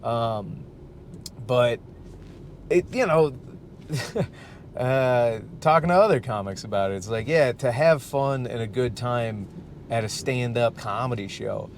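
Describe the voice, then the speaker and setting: A man rants in a casual solo podcast, swearing freely and rambling as he works himself up. His pitch sits in an ordinary middle range for a man. A faint rumble of the vehicle he sits in hums underneath. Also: slow pace. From Michigan, US. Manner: profane, rambling, worked-up ranting with frequent laughs. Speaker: podcast host and stand-up comic.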